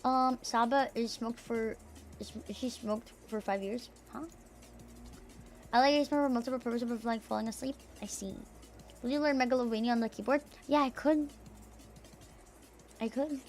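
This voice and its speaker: Young woman VTuber, raspy and tomboyish, a bit high-pitched, loose and chatty on a home desk mic. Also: moderate pace, long pauses, darkish tone, faint music behind. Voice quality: slightly raspy, tomboyish rasp. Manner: chatty and loose, swears casually, laughs often. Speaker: VTuber streamer. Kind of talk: casual livestream chat, reading out chat messages. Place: home room. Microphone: desk streaming mic.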